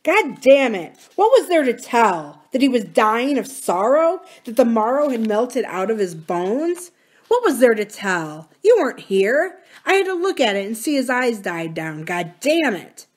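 A woman's voice: mid-range voice, lively intonation, moderate pace, a little mellow, close to an everyday voice. A woman reading aloud as a grown rancher son, speaking in a raw, pleading way. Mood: anguished. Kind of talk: audiobook-style reading.

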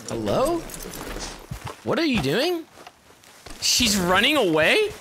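A man giving casual let's-play commentary while playing a video game, excitable, swearing a lot and yelling at the game. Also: high voice, slow pace, long pauses, noisy background.

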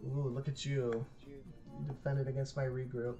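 A woman's voice: a bass voice, flat delivery, unhurried, highs cut off, over music. A woman hosting a board game session, chatting casually, laughing often and thinking her moves aloud into her own mic. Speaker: host and player. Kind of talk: casual chat while playing a board game. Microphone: own streaming mic.

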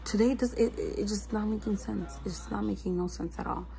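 Faint music plays behind a young woman as she vlogs about her stress, speaking quickly in a mid-range voice that's warm yet creaky. Stressed and low, she keeps the confessional talk casual with fillers like "like" and "you know what I mean," and the recording is low quality.

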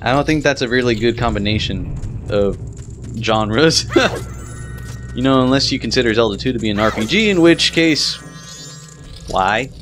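A young man giving casual let's-play commentary, excitable and quick to swear and yelp when the game goes wrong. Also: medium pitch. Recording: game music behind voice.

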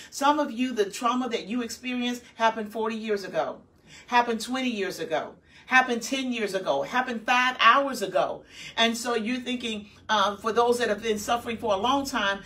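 A woman's voice: on the high side, a bit bright. A woman minister and host preaching a message, retelling a Bible story emphatically and acting out the voices she quotes. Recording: distant mic.

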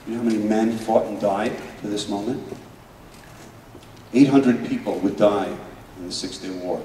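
A man playing an Israeli paratrooper telling a moving battle memory in a dramatic first-person monologue, earnest and swinging between loud urgency and hushed emotion. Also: fairly low pitch, steady tone, moderate pace, a little hiss or hum, close to an everyday voice. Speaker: stage performer. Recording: echoey hall from far off.

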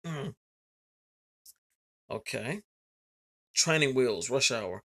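A man's voice: medium pitch, lively intonation, drawn-out words, a bit bright. A man hosting a gaming channel, giving boastful, hyped let's-play commentary, swearing and calling out to his viewers.

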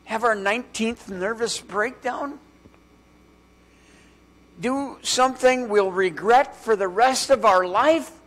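A male pastor preaching a sermon in a church, with dramatic pauses and strings of rhetorical questions, dropping to a hush on key words. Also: sits high. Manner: drops to a hushed voice on key words.

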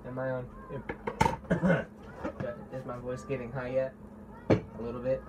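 A man vlogging casually to the camera in a playful, excitable way, by his car outdoors. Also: medium pitch, measured pace, heavy background noise. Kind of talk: casual vlog talking to camera.

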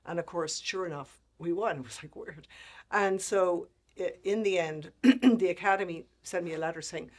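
Woman, sixties, guest speaker, animated storyteller, acts out quotes, laughs often. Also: fairly low pitch, moderate pace. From Ireland. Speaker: guest speaker, make-up artist. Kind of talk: storytelling interview talk.

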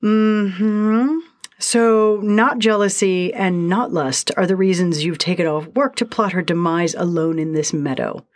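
A woman's voice: on the low side, a little slow, no echo, clean studio sound, lightly acted. A woman voicing a tiny, mischievous male sprite who teases and taunts. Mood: sly teasing. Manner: teasing, playful taunts.

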